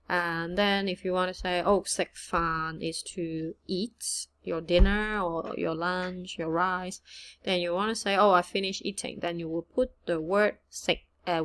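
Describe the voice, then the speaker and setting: A woman teaching a casual online language lesson, chatty and relaxed, mixing English and with frequent fillers. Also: fairly low pitch. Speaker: Cantonese teacher.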